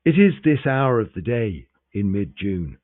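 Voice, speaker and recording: A man's voice: fairly low pitch, unhurried, dry recording. A man voicing an intense young male scholar who argues with energy. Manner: energetic, arguing. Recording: tinny, phone-like sound.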